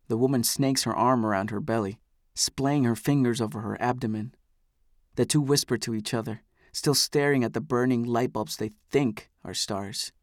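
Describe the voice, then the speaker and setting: A man reading first-person scripted narration for an audiobook in a measured, even manner. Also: mid-range voice, no room sound, studio quality.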